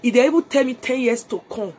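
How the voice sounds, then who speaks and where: A woman's voice: on the high side, fast, darkish tone, husky. A Nigerian woman in a live phone video from her home, urging viewers to join her business in a mix of Pidgin and English. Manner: urgent persuasive appeals, mixing Pidgin and English. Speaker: network marketing seller. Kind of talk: live video sales pitch.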